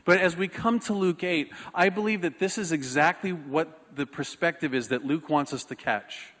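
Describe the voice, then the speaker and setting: A man preaching a sermon, telling a personal story in an animated, self-mocking way. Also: fairly high pitch, moderate pace, big-room sound. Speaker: pastor.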